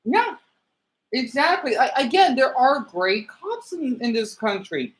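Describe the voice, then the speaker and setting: A man's voice: very high voice, sing-song, a little slow, a bit bright. A man livestreaming commentary and reading viewer comments aloud. He rambles, sounds irritable, and often stumbles and repeats words.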